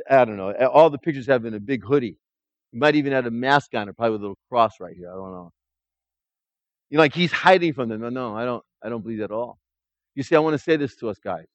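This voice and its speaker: A man preaching a sermon, acting out a story with animated, stammering restarts. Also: medium pitch, no room sound, muffled recording.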